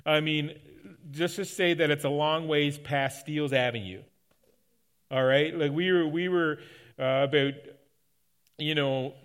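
A middle-aged pastor from Canada, speaking at medium pitch with a clean, fairly bright tone, shares personal stories in his sermon. His delivery is relaxed and folksy, and he often backs up to restart a sentence.

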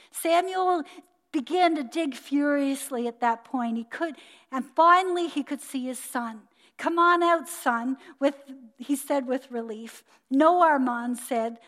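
A woman delivers a sermon in a high voice, telling stories with earnest emphasis. Her phrases tend to fall soft at the ends. The sound rings with a long reverb, as in a church hall. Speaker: preacher. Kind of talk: sermon with storytelling.

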